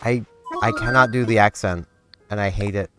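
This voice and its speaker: A man casually chatting through a life-sim game in a relaxed, rambling way. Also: lowish voice, normal speed, music in the background. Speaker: gaming channel host. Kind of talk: casual gameplay commentary.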